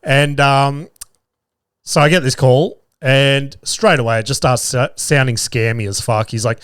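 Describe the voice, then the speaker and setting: Young australian man, casual podcast storyteller, profane and self-deprecating, clear tone, dead-dry room. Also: medium pitch, steady tone, a little slow, a bit bright, no echo. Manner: profane, self-mocking, acts out the other voices in quotes. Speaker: podcast host.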